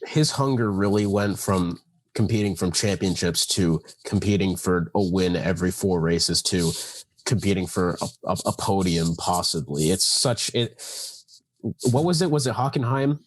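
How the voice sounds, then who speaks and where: A man's voice: low voice, normal speed, dry recording. Nineteen-year-old emphatic male co-host. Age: teens. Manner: emphatic, opinionated. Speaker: guest co-host, race commentator. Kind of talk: casual chat.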